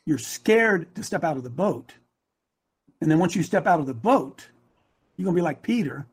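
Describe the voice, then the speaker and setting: A man's voice: fairly high pitch, expressive, moderate pace, breathy edge. Emotional preacher in his sixties. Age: 60s. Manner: emotional, building to shouts; repeats phrases for emphasis. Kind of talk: sermon.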